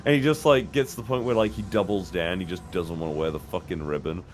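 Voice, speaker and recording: British guy with a low voice, rambling and sweary; casual stream co-host. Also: fast, a little hiss or hum. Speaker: guest co-host. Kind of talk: casual chat on a game stream.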